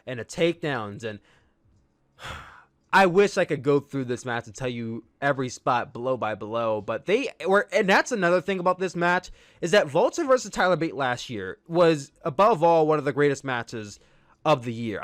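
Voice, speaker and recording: A man's voice: medium pitch, a bit bright, no room sound, clean studio sound. A man hosting a podcast, giving an enthusiastic, rambling wrestling review with restarts. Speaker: podcast host.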